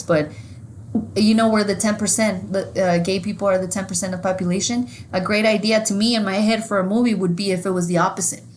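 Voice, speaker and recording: A woman co-hosting a podcast, telling stories in a casual, profane, animated way. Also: mid-range voice, a little hiss or hum. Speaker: podcast co-host. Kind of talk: casual chat.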